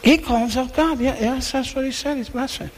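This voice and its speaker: A man voicing scribes who gossip in shocked, hushed tones. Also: very high voice, normal speed, pitched above the performer's own voice. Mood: scandalized. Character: scribes whispering together, suspicious gossiping men. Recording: long hall reverb.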